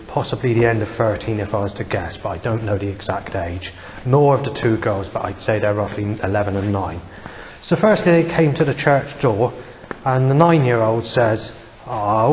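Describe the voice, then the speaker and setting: An agitated man talks on and on in a rambling vlog monologue, cursing freely and repeating himself. His mid-pitched voice rings out with a long reverb tail, and a faint hiss sits underneath. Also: darkish tone. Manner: agitated, profane, repetitive. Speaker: vlogger.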